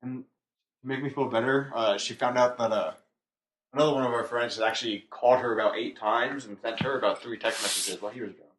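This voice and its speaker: A young man tells a long story on a casual podcast, rambling and self-mocking. His voice sits at a middling pitch and sounds plain and everyday. He laughs at himself as he goes. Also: steady tone, quick pace, a bit bright, slight background noise. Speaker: podcast co-host.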